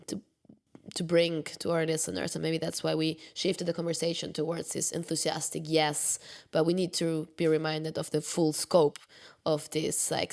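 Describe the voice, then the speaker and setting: A woman's voice: deep voice, gravelly. A woman hosting a podcast, talking frankly in casual chat with plenty of fillers. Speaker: podcast host.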